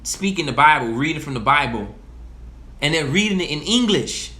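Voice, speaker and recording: A man's voice: a little high, lively intonation, moderate pace, bright, forceful tone. A young man of Haitian heritage giving a passionate, profane monologue that repeats its points. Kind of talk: casual monologue.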